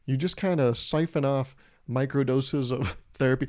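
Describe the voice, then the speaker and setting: A man's voice: mid-range voice, moderate pace, a little mellow. Brief: young male podcast host, solo comedic rant, crude and meandering, amused at his own jokes. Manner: rambling, crude, self-amused riffing. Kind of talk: casual comedic monologue.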